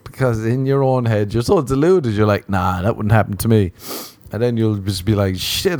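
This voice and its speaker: Young irish guy rambling on his podcast, self-mocking, pitch all over the place, dry close mic. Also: animated, moderate pace, darkish tone, no echo. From Ireland. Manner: rambling, self-mocking, jumps into high mock voices. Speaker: podcast host. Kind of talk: casual comedic monologue.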